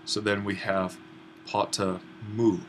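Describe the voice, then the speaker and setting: A man with a fairly low voice walks students through a grammar exercise in a patient, explanatory way. He stops and restarts often and fills gaps with little "uh"s as he thinks aloud. A faint hum of room ambience sits under the voice. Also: level tone, takes it slowly. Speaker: Greek instructor. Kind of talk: online grammar lesson.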